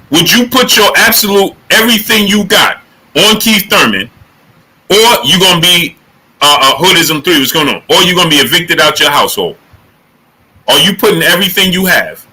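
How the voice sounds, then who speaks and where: Bright, punchy man hosting a live stream. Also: on the high side, husky, poor audio. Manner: energetic, emphatic, repeats questions. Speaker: boxing show host. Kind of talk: live-stream talk with chat shout-outs.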